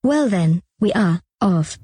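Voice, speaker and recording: A formal, loyal young woman soldier with a British accent, voiced by a man in a fan dub. The pitch is pushed far above his own, and the tone stays dark. A long hall reverb trails each line. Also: lively intonation, slow pace. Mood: earnest.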